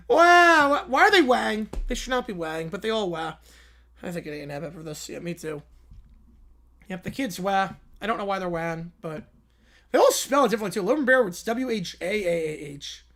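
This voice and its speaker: A man's voice: high voice, lively intonation, a little fast, pushed and bright. A young man hosting a livestream, chatting casually and reading viewer stories aloud with sarcastic, joking asides. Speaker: livestream host.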